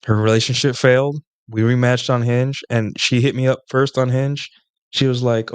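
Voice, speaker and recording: A man's voice: mid-range voice, steady tone, normal speed, clean tone, no echo. A man hosting his own stream, telling long, boastful dating stories in a casual ramble and often checking in with his listeners. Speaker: streamer hosting a solo talk show. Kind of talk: casual storytelling monologue about dating.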